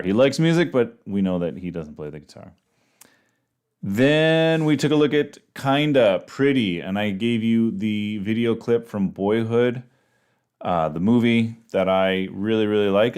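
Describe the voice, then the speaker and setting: A man teaching an English class in a relaxed, chatty way, giving slang examples with a playful tone. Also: fairly low pitch, clean tone. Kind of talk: casual online English lesson.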